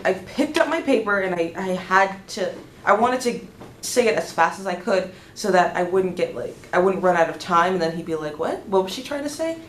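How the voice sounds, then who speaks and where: A young woman vlogger excitedly telling a story, gushing and tripping over her words as she goes. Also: on the low side, moderate pace, slight background noise. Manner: gushing, restarts often, lively. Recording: roomy echo, faint background ambience.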